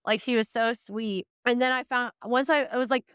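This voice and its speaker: Woman with a very clear, smooth voice, recounting things in a rambling way. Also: on the high side, steady tone, normal speed, fairly bright tone, no echo, clean studio sound. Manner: rambling, emotional play-by-play full of "like" and "you know". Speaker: guest, reining horse trainer. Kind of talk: casual interview storytelling.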